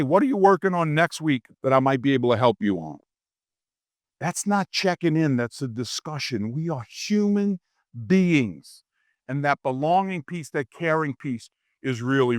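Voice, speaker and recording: A middle-aged man from Louisiana giving a humorous leadership keynote, a lively storyteller who acts out quoted voices. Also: mid-range voice, dry recording, clean studio sound. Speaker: keynote speaker. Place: conference stage.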